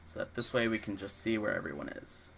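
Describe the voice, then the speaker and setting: A man's voice: fairly low pitch, brisk, gravelly, background noise. A man running a tabletop game as dungeon master, narrating casually with many fillers.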